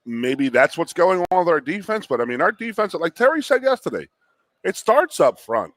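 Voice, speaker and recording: A man co-hosting a sports talk show, getting animated and worked up, with lots of restarts. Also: sits high, normal speed, dry recording. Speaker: co-host, former player.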